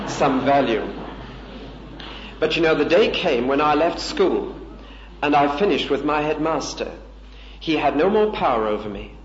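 A man's voice: medium pitch, a little hiss or hum. A man delivering a sermon, earnest and emphatic. He asks the listeners rhetorical questions. The recording is dull and lo-fi, with a roomy echo. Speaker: preacher.

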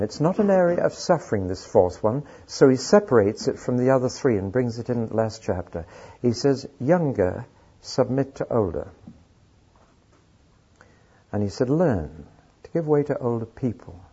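Husky dark-voiced male preacher, lo-fi. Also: fairly low pitch. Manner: dry humor, storytelling. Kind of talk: sermon with anecdotes. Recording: dull lo-fi recording.

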